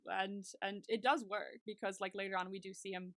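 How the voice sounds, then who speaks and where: Bright, fiery young woman co-host. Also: mid-range voice, dry recording, studio quality. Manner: animated, swears freely, quick bursts of anger. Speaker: podcast co-host. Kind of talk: casual chat.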